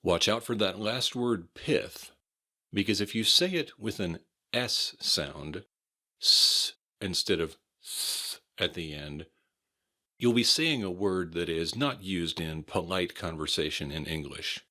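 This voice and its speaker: Deep, slow American pronunciation teacher. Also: male voice, bright, forceful tone. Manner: repeats each word slowly and clearly. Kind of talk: slow, careful pronunciation lesson.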